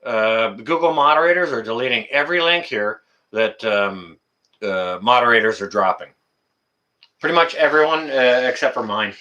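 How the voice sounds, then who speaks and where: A man's voice: mid-range voice, lively intonation, normal speed, pushed and bright, highs cut off. A man hosting a casual livestream, talking to viewers in the chat by name and ranting indignantly, often repeating his phrases. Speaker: livestream host.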